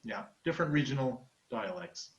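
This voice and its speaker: A man's voice: mid-range voice, expressive, normal speed. A man co-hosting a casual video call chat, curious and asking short questions. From Germany. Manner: curious, asks short questions, repeats himself. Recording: roomy, dull lo-fi sound.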